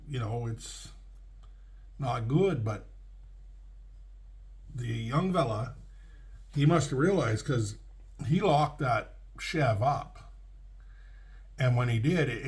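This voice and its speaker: A middle-aged man tells a story from the road in plain, folksy words. He often stops and restarts his sentences. His voice sits at an ordinary middle pitch. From Canada. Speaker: truck driver storyteller. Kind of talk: casual spoken storytelling.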